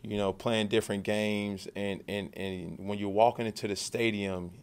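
Deep-voiced man at a press conference. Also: level tone, normal speed, smooth. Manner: loose and conversational, with many repeated words and restarts. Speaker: football quarterback. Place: media session after practice.

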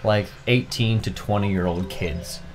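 A man's voice: on the low side, measured pace. A young man telling a long, profane anecdote while co-hosting a casual video-game playthrough. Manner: animated anecdote-teller, swearing freely. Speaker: let's play co-host. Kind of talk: casual storytelling over gameplay.

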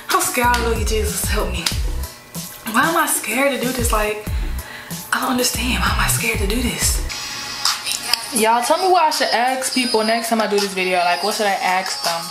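A woman's voice: on the high side, brisk. A young woman from Georgia, chatting nervously and giggling as she talks to strangers on phone video calls. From Georgia, USA. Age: young adult. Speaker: vlogger. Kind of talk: casual vlog chat with strangers on video calls. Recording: roomy sound under loud background music.

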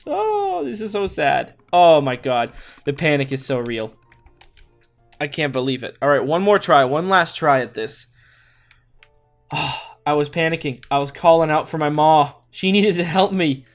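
A man's voice: on the high side, normal speed. Man, gaming commentary, talks to himself, stammers and repeats, blurts out exclamations, faint music underneath. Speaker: gaming YouTuber. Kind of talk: let's play commentary. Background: faint background music.

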